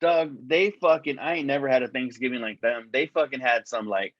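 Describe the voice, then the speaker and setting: Speaking briskly at a medium pitch, this man co-hosts a laid-back podcast, spinning long stories packed with swearing and repeatedly calling his friend "dog." The recording sounds muffled but has no echo.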